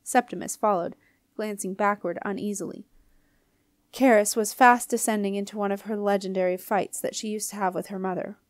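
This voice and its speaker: A woman reading a children's fantasy book aloud in a clear, expressive way. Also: medium pitch, fairly quick, dry recording, clean studio sound. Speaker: audiobook reader. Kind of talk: storybook narration.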